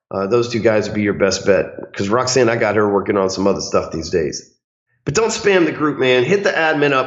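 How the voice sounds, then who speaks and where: A man's voice: mid-range voice, fairly bright tone, highs cut off. A man hosting an unscripted advice rant, blunt and emphatic, swearing freely. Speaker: host.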